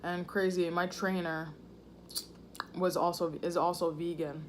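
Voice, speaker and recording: A woman's voice: fairly low pitch, little pitch movement, measured pace, a little hiss or hum. A woman vlogger chatting casually and slangily between bites while eating at home. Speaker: mukbang vlogger. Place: home room indoors. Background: faint thunderstorm.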